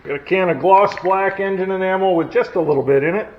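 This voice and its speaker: A high-voiced, fast-talking man chats casually while fixing up an old truck in his garage, cracking jokes at his own expense as he works. He's a hobby mechanic doing a restoration. The dull lo-fi recording has faint noise, with logging machinery running next door.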